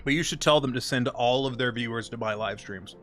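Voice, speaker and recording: Profane, animated young man streaming. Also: mid-range voice, quick pace, over music. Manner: profane, animated storytelling with bursts of excitement. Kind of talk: casual gaming stream chat.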